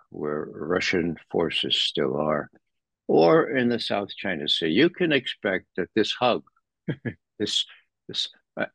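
A man commenting as a guest in an interview, animated and sardonic, rising sharply in pitch when he stresses a point. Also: gravelly, breathy edge, no room sound. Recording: dull lo-fi dry sound.

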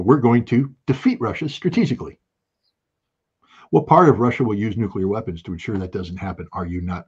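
A man giving an impassioned political monologue as a show host, emphatic and repetitive, with bursts of forceful insistence. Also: fairly low pitch, breathy edge, highs cut off. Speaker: political commentator.

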